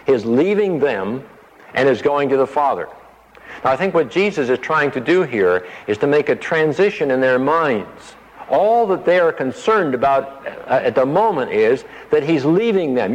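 A man's voice: mid-range voice, very animated, moderate pace. A man teaching a passage verse by verse. He explains single words and acts out the quoted lines. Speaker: preacher. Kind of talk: expository Bible teaching. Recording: dull sound in a hall with reverb.

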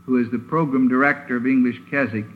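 A man preaching a sermon in an emphatic, deliberate way, leaning hard on single words, heard on a lo-fi old recording from a chapel. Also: mid-range voice, steady tone. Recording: tinny lo-fi old sermon recording with faint hiss.

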